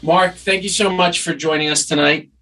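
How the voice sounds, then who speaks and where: A man's voice: on the high side, fairly even intonation, moderate pace, a crowd in the background, low-quality recording. A man, a doctor, co-hosting a podcast in easygoing casual chat. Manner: easygoing, laughs often.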